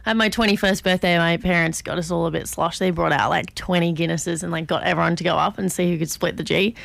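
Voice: mid-range voice, fairly even intonation, fast, creaky, a bit bright, dry recording. A person, chatty and enthusiastic in a casual conversation. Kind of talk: casual chat.

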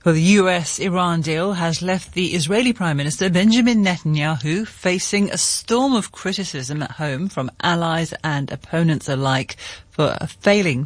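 A male news presenter with a crisp, scripted delivery. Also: a little high, no room sound.

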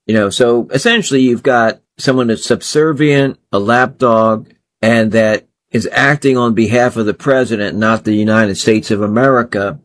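A man's voice: mid-range voice, moderate pace. A man hosting a solo political commentary show, talking in an indignant, scornful way and piling up phrase after phrase.

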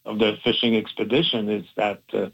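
A man's voice: on the low side, level tone, brisk, gravelly, husky, muffled recording. A man in his sixties talking casually as a phone-in radio guest, with lots of fillers and restarts and an easygoing, smiling delivery. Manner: warm, chatty, many fillers and restarts, laughs easily.

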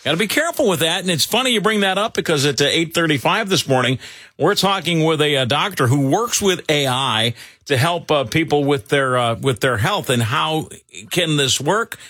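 A man's voice: fairly high pitch, expressive, pushed and bright, breathy edge, no room sound. A man hosting a morning radio show, joking and chiming in with opinions. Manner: joking, quick to cut in with opinions. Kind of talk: casual radio banter. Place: radio studio. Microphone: studio microphone.

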